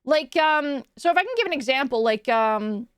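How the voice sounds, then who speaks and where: Animated high-voiced woman streamer. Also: normal speed, dry recording, studio quality. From Quebec, Canada. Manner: animated, swearing, many fillers. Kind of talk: casual live-stream chat.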